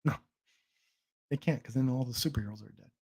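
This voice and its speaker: A man's voice: mid-range voice, fairly quick, darkish tone, slightly rough. A young man hosting a casual livestream chat about movies, rambling with frequent restarts and swearing. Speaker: stream host.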